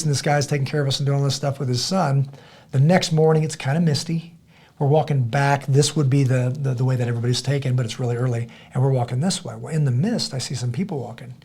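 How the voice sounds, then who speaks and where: A middle-aged man, guesting on a podcast, speaks fast at medium pitch. He tells an animated story, acting out others' voices, and keeps restarting and repeating his words.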